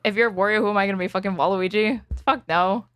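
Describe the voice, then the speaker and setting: A woman's voice: medium pitch, steady tone, quick pace, a bit bright, clear, resonant tone, dry recording, studio quality. A woman co-hosting a casual chat, blunt and laughing often, swearing freely. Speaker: co-host.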